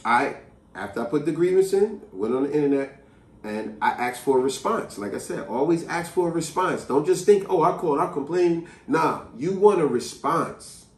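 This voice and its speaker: Animated man telling a story. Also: a little high, normal speed. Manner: animated, emphatic, conversational. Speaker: vlogger. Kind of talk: storytelling to camera. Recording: echoey room, distant mic.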